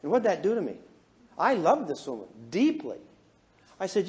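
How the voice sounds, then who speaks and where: Animated, high-voiced middle-aged man storytelling. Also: normal speed. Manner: animated, jokey, self-mocking, swings from hushed to loud. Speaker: counselor giving a seminar talk. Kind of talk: humorous storytelling to a live audience.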